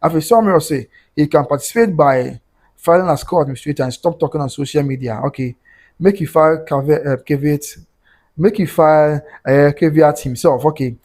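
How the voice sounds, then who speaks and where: Ghanaian man, livestream host, quick delivery, slightly high voice, reads viewer comments. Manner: fast, animated, switching between Twi and English.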